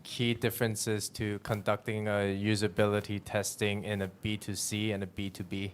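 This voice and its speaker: A man in the audience asking the speaker a relaxed, slightly hesitant question. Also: lowish voice, normal speed, slight background noise.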